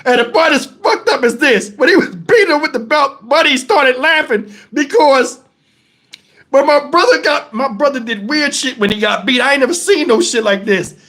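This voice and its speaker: A man hosting his channel, telling profane stories to viewers in a casual, animated way and breaking into laughter. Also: very high-pitched, normal speed. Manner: talks straight to the audience with questions. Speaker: channel host telling stories to a live chat.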